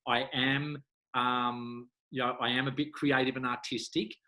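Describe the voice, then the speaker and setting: A bright, forward-voiced middle-aged man who tells stories with relish. He slips into voices for the people in his anecdotes, jumping high in pitch, then settles back into a calm, steady guest's tone. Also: a little slow. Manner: animated storyteller, acts out voices with big pitch jumps. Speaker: hypnotherapist guest. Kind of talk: conversational interview.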